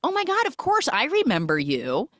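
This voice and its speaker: A woman's voice: medium pitch, sing-song, moderate pace, fairly bright tone, no room sound, studio quality, pitched above the performer's own voice. A woman voicing a flustered, apologetic young woman who gushes and says sorry over and over in a breathless rush. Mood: gushing.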